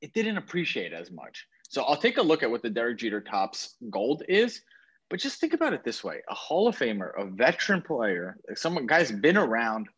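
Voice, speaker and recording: A man with a husky, medium-pitched voice co-hosts a podcast while away from home on a trip. Enthusiastic and lively, he talks sports cards and keeps correcting himself.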